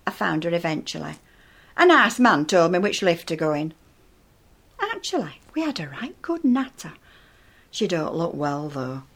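An older woman performs a comic monologue as a chatty, nosy elderly widow-type with a Northern English accent and dry, matter-of-fact humour. Her lowish voice swings widely in pitch, moving at a moderate pace with frequent pauses, and the mood is chatty.

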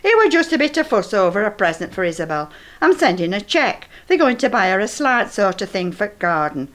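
A woman's voice: mid-range voice, sing-song, brisk. An older woman with a Northern English accent, telling a comic monologue in a chatty, gossipy and flustered way.

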